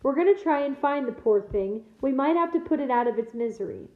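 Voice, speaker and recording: A woman reading aloud to her class and voicing a gruff, commanding half-giant gamekeeper with blunt country speech, in an echoey room heard over a thin, phone-like line. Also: high-pitched, animated, fairly quick. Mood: instructing.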